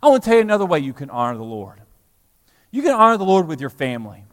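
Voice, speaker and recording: A middle-aged man preaching a sermon as pastor, animated, rising to loud emphasis then dropping low. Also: quick pace. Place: church sanctuary. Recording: long hall reverb in church.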